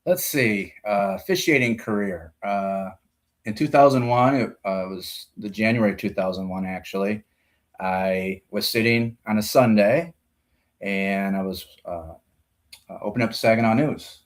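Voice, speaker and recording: Polite lower-voiced guest umpire. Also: male voice, a little slow. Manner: polite, storytelling. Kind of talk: casual interview.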